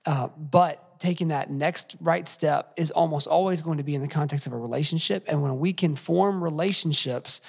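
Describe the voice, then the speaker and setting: A man's voice: a little high, moderate pace, creaky, few pauses, breathy edge, in a large hall. A man hosting a podcast who talks reflectively, telling a story with many fillers. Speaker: podcast host. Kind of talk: conversational podcast interview.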